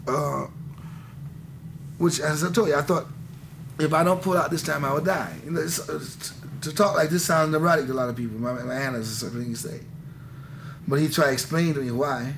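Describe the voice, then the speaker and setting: Casting: man in his thirties, high and gravelly, rambling confessional interview on hissy old tape. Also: brisk, fairly bright tone. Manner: rambling, intense, restarts often, says "man". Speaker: interviewee, musician. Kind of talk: candid conversation.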